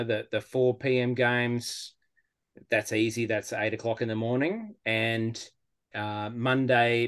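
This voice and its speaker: Relaxed Australian man chatting. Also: mid-range voice. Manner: relaxed, rambling, many fillers. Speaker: guest fan. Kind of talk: casual podcast interview.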